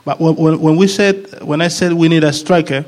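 A man's voice: a little high, fairly even intonation, normal speed, a little mellow. A man, a former player of the club, talking as a guest in a casual panel chat, often repeating words as he searches for them.

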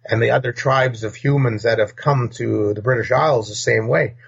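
A gravelly man from North America holds forth as a podcast guest, blunt and rambling as he jumps from point to point. His voice is rough and husky, and the lo-fi recording sounds dull. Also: mid-range voice, normal speed. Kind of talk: casual opinionated talk.

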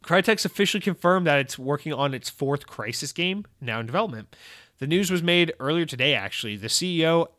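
A man's voice: a little high, expressive, a little fast, bright, forceful tone. A man hosting a gaming news show, ranting in casual talk, swearing often and acting out both sides of imagined exchanges in a close, dry recording. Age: adult. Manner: profane, exasperated, acts out quoted exchanges.

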